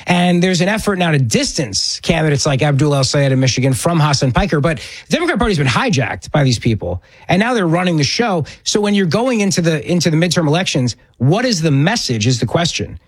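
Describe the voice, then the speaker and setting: A man's voice: fairly high pitch, sing-song, brisk, few pauses, slightly rough, no room sound. A man hosting a political talk radio show, delivering an opinionated monologue and repeating words for emphasis. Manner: emphatic, repeats words when pressing a point.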